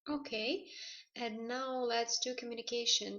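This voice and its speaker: A woman's voice: a little high, little pitch movement, a little slow, creaky, a bit bright, dull audio. A woman with a Russian accent teaching an English grammar lesson, explaining rules and switching between two languages. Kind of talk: recorded online lesson.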